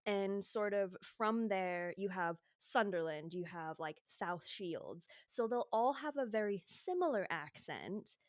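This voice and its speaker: Yorkshire-raised woman podcaster, chatty explainer, mid pitch, dry close mic. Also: lively intonation, takes it slowly, hardly any pauses, dry recording. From Yorkshire, England. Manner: explanatory, chatty, lots of "like" and "sort of". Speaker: podcast co-host. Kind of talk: casual true-crime chat.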